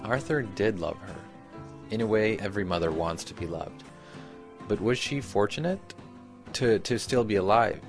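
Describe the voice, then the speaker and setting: Male narrator, very low voice, measured scripted read over soft music. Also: expressive. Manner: measured, reflective. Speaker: radio narrator.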